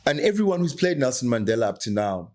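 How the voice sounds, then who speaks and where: A middle-aged man from South Africa speaks as a guest on a podcast, an actor with strong views. He is passionate and emphatic, and he drives his argument with rhetorical questions in a voice of ordinary pitch. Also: sing-song, quick pace, a little mellow. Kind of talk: candid podcast conversation.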